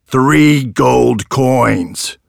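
A man voicing a rude, greedy, terrifying male soup seller who drawls his demands slowly and turns shrill when angry. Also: animated, gravelly, breathy edge, no room sound, clean studio sound, full character voice. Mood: menacing. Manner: slow, menacing, then shrill yelling.

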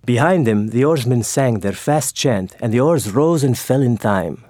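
Guy reading a kids' novel aloud, lively ups and downs, dry close sound. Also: mid-range voice, a little slow, dry recording. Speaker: narrator. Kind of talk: audiobook narration.

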